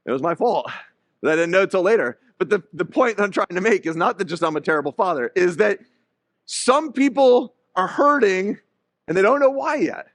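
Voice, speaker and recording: Man, pastor, middle-aged, lively sermon storytelling, high voice, dry close sound. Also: moderate pace, no room sound. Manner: animated storytelling with acted-out voices.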